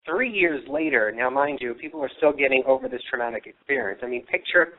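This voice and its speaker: A man's voice: mid-range voice, lively intonation, a little fast. A man hosting a live paranormal investigation broadcast, telling local history in a rambling way with many fillers, his voice a little worn. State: losing his voice. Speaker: paranormal radio show host. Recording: tinny phone-line sound.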